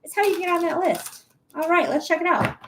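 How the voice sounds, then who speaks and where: High-voiced chatty woman psychic. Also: brisk, background noise. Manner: chatty, swears freely, laughs often. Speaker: psychic reader on a live stream. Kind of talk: casual live-stream chat.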